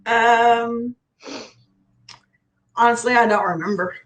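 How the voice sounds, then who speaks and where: Woman, client, casual chat, slightly high voice, slow and hesitant. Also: steady tone, poor audio. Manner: short affirmations, slow and hesitant. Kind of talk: casual conversation.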